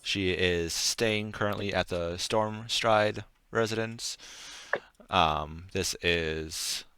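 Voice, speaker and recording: A man running a tabletop game as game master, narrating the scene in a relaxed, rambling way with frequent pauses and fillers. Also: low voice, clear, resonant tone, no echo, clean studio sound. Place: home setup on stream.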